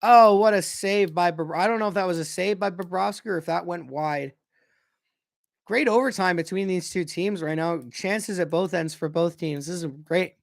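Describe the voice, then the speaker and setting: A young man calling a hockey game casually as a fan, excitable and often correcting himself about player names. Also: sits high, moderate pace, gravelly, dry recording, studio quality. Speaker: fan commentator. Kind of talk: casual play-by-play commentary.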